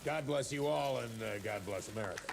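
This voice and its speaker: An actor playing a jovial older male government official who gives a halting, blustery speech. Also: medium pitch, creaky, very noisy, lightly acted. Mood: pompous.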